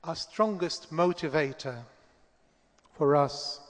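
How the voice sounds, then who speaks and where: A man giving a formal presentation at a conference, speaking in a measured way with occasional restarts. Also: a little high. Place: large conference hall. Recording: echoey hall, long reverb.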